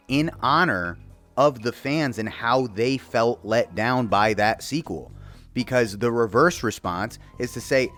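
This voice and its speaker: A man giving a casual, profane commentary rant, animated and mocking. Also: lowish voice, normal speed, faint music behind. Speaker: video commentator.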